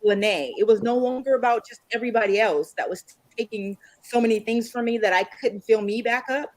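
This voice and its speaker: A woman reflecting in a measured way in a casual conversation. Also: a little high, a little mellow, dry recording, poor audio. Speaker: guest. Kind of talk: casual chat.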